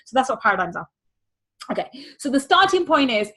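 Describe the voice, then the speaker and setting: A woman's voice: high voice, sing-song, a little fast, a bit bright. A woman money mindset coach teaching a workshop, repeating key phrases with energy.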